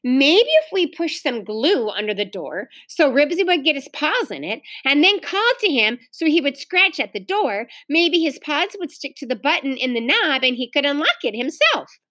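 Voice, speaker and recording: A woman's voice: sits high, very animated, moderate pace, few pauses, sharp tone, no room sound, voice pushed up, exaggerated voice. A woman reading aloud and voicing a sensible, slightly apologetic older girl. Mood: earnest.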